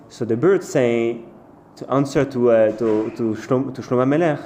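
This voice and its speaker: Halting rabbi telling a story in an echoey room. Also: male voice, medium pitch, darkish tone. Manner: halting, repeats and restarts phrases; acts out the birds and the king in short quoted bits. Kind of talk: storytelling sermon. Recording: echoey room with faint noise.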